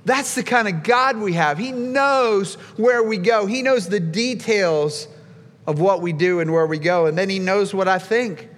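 A male pastor preaching a sermon with emphatic delivery, dropping low and soft, then rising to loud exclaims. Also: measured pace. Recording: long hall reverb.

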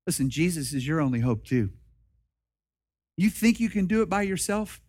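A male pastor preaching a sermon in an impassioned, repetitive style that rises and drops. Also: high voice.

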